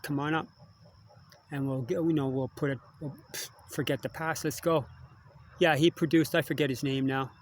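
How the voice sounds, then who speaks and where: An older Canadian man, a musician vlogger, speaks in a fairly high-pitched voice in a rambling, casual monologue. He digresses often and ends lines with tag questions, over a slight hiss or hum.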